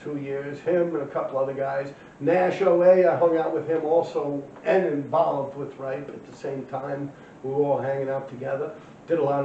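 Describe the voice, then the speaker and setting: A man's voice: on the high side, warm tone, a little hiss or hum. A man telling old stories in a loose, rambling way, swearing bluntly and full of slang. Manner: loose and rambling, many fillers. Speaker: former graffiti writer telling his story. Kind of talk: casual storytelling monologue. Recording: dull, roomy, distant recording.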